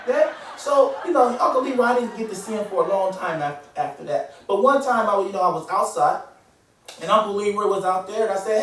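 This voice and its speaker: A man telling a funny true story in an animated way, often laughing as he goes. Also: high-pitched, a little fast, slight background noise. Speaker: comedian. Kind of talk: comic storytelling. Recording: echoey room from far off.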